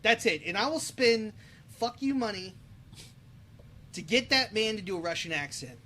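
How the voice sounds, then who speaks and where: A high-voiced man holds forth on his movie casting picks, swearing freely and talking with a lot of energy. A faint hiss runs under the recording. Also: normal speed. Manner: animated, profane, opinionated. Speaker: podcast co-host. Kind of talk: casual chat about movies.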